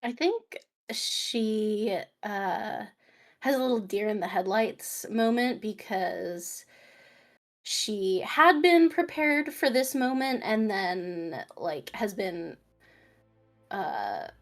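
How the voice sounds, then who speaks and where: A woman playing a tabletop game, speaking softly and emotionally as her character, often laughing. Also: medium pitch, lively intonation, slow. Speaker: player.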